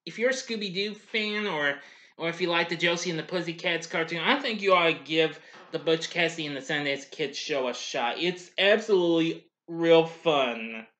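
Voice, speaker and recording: A man's voice: on the high side, moderate pace, sharp tone. A man hosting a casual spoken review of an old cartoon, rambling along with many "well" and "anyway" asides and frequent chuckles.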